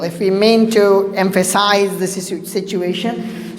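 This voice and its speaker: A woman's voice: mid-range voice, steady tone, unhurried, a little mellow. A woman teaching an English grammar lesson, explaining patiently and repeating her points, with frequent filler sounds. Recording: echoey room with faint hiss.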